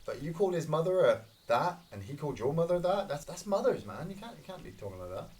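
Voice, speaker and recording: A Scottish man giving casual, excitable gameplay commentary, swearing and reacting loudly to each kill. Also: a little high, quick pace. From Scotland. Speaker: gaming streamer.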